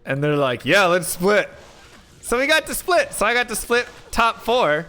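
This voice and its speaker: A man live-streaming, telling a rambling story in a casual, animated way with lots of filler words. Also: extremely high pitch, normal speed, smooth. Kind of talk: casual storytelling while gaming.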